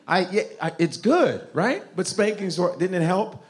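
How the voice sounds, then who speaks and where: Animated man doing loud crowd work. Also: high voice, takes it slowly, long pauses. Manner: loud, animated, mimics parents' voices. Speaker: stand-up comedian. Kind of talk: stand-up routine with crowd work.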